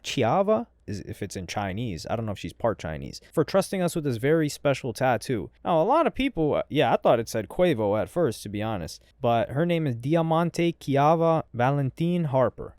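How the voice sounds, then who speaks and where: A man's voice: mid-range voice, no echo. Sarcastic chatty male commentary host. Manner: sarcastic, chatty, jumps between dry asides and loud reactions. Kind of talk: casual commentary reading messages.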